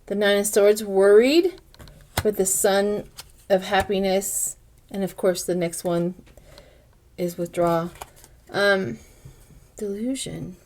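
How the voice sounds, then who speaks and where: A woman's voice: medium pitch, fairly even intonation, slow pace, long pauses, a little mellow, slight background noise. An older woman giving a casual tarot reading to her viewers, thinking aloud as she interprets each card. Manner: chatty, speaks directly to viewers. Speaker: tarot reader.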